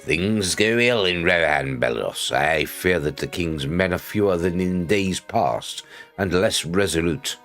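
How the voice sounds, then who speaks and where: A man reading quest dialogue aloud as a proud, grave male noble of Rohan, slow and solemn. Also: deep voice, expressive, a bit bright, soft background music, full character voice.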